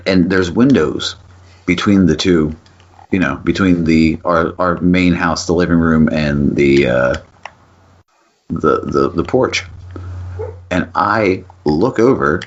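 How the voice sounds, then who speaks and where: A man with a deep voice spins a lively story on a podcast, cursing freely as he goes. The audio is muffled and lo-fi. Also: takes it slowly, long pauses. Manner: animated storyteller, swears, acts out voices in quotes. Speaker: podcast co-host. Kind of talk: casual storytelling chat.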